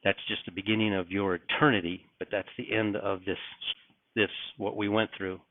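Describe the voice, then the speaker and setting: A man's voice: lowish voice, level tone, moderate pace, dry recording. A middle-aged man preaching urgently in a video, earnest and repetitive, warning that the end times are near. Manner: earnest, urgent, repeats phrases. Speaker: religious video host. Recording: tinny phone-like sound.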